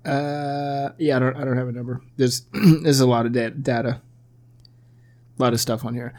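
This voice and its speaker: A man's voice: mid-range voice, level tone, normal speed, a little mellow. A man in casual chat as a podcast co-host, rambling with lots of fillers and the odd swear word.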